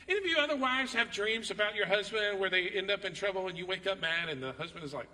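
Man, pastor, sermon, high voice, animated storytelling, long reverb from a distance. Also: brisk. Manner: animated storytelling with dramatic scripture reading.

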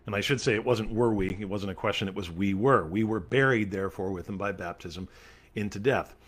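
A man's voice: on the low side, fairly quick. A male pastor leading a Bible study, reading scripture aloud and then explaining it earnestly and emphatically, with casual fillers along the way.

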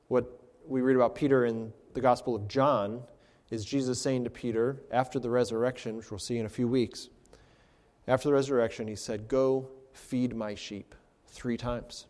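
A man's voice: medium pitch, fairly even intonation, normal speed, a little mellow, big-room sound. A man, a pastor, preaching an expository sermon with rhetorical questions.

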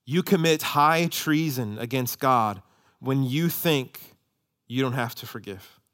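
A man preaching a sermon, impassioned, swinging from loud emphatic peaks to low hushed asides. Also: slow pace. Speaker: pastor.

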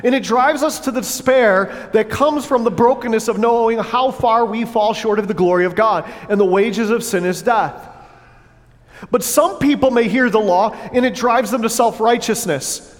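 A pastor preaching a sermon in a church, earnest but breaking into playful asides to the congregation on a wireless mic. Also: male voice, very high voice, normal speed. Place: church sanctuary. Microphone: wireless headset or lapel mic with battery pack. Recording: long church hall reverb.

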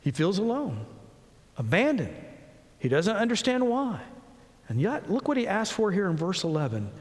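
Male preacher, sermon, earnest, slow scripture reading, high voice, long hall echo. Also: big pitch swings. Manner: earnest, slows and rises on scripture, drops low and soft on pauses.

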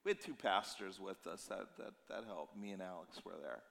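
Male pastor in his fifties, low and tired, conversational sermon delivery, long church-hall reverb. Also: normal speed, creaky. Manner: conversational storytelling, animated and emotional in places.

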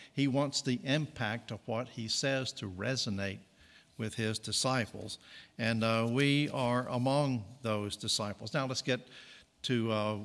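A man preaching a sermon in a relaxed, conversational way, stopping to correct himself and slip in jokey asides. His voice sits at an ordinary middle pitch, and a long hall reverb trails behind each phrase. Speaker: pastor.

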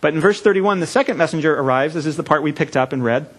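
Earnest preaching man, measured pauses. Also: on the high side. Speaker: pastor. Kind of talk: sermon. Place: church.

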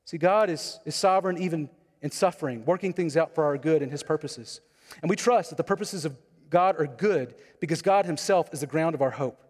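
A pastor with a fairly high voice preaches briskly in a church sanctuary, his words carrying long hall reverb. His style is conversational, and he frequently puts questions to the congregation.

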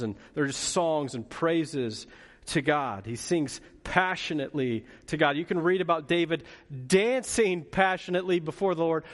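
A man preaching a sermon as pastor, lively and playful, with asides to the congregation. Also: fairly high pitch, big-room sound. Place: church hall.

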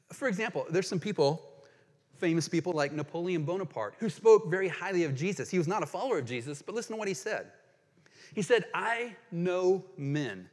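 A man delivers a sermon from the pulpit, his voice sitting a little higher than most men's. He speaks with earnest emphasis and leans into quoted passages, while a long reverb trails behind every phrase in the large room. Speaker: pastor.

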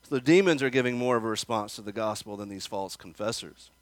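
A man's voice: fairly low pitch, fast talker, no room sound. A man preaching an expository sermon in a church, asking the congregation questions and raising his emphasis when he acts out quoted voices. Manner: conversational, asks the congregation questions.

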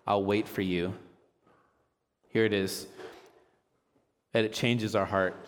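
A man's voice: lowish voice, slow, a little hiss or hum. Casual preacher man in a reverberant hall. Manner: relaxed, chatty, jokes and laughs while teaching. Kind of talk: casual sermon with scripture reading.

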